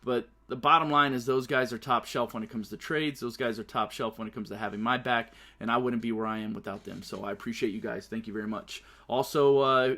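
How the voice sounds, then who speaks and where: A man's voice: mid-range voice, fairly bright tone. Brash, profane male podcast host. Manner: brash, profane, laughs through his own stories. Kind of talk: casual solo show commentary.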